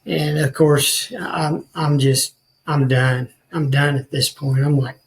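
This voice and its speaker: A man's voice: a little high, fairly even intonation, slow, a little hiss or hum, poor audio. A man, a podcast guest telling his life story in an earnest, rambling way with many restarts. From rural northwest Missouri.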